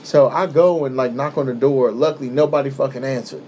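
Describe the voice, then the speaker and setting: A young man hosting a podcast who tells a story in a relaxed, casual way, swearing often and acting out the voices of the people in it. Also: medium pitch, a little fast, slight background noise. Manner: laid-back, swears often, acts out quoted voices. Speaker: podcast host.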